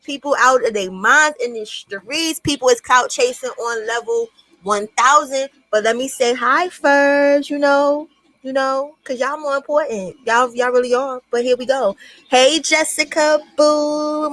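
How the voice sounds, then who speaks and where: Brief: blunt, cussing livestream host, woman, a bit high, dry close mic. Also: a bit bright, no echo, rough recording. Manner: blunt, profane, greets chat by name. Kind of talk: casual livestream commentary.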